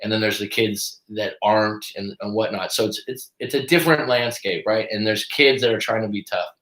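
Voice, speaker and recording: In a reverberant space, a man with a lowish voice speaks a little fast as he hosts a coaching live stream. He tells a casual, profane story, animatedly acting out the lines of the people in it.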